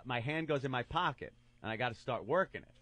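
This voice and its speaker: A man co-hosting a radio show, telling a crude story with animated delivery and mocking put-on voices. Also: mid-range voice, quick pace, dry recording. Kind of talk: crude comedic radio banter.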